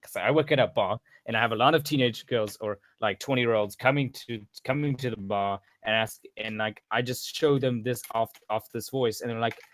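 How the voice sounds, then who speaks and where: Brief: casual male voice coach, rambling and full of restarts, mid-pitched, dry close mic. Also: moderate pace, few pauses, dry recording. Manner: rambling, many restarts and asides. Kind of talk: casual voice-training tutorial.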